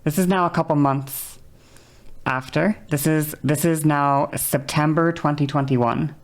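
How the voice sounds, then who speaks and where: A woman's voice: low-pitched, fairly even intonation, unhurried. A young woman streamer chatting candidly and reflectively about her voice, often repeating herself. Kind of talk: casual livestream chat.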